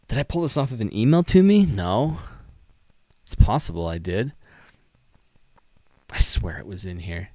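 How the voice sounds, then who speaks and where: A man's voice: lowish voice, very animated, moderate pace, pauses often, no room sound. A man hosting a photography live stream, critiquing photos in a rambling, enthusiastic way with many fillers, sighs and yawns. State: tired, yawning.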